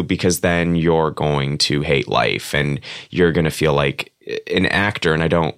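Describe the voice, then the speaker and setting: A man's voice: low-pitched, unhurried, clean tone, no room sound, clean studio sound. A man guest on an interview show, chatting candidly and casually with lots of filler words. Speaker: guest, comic book writer.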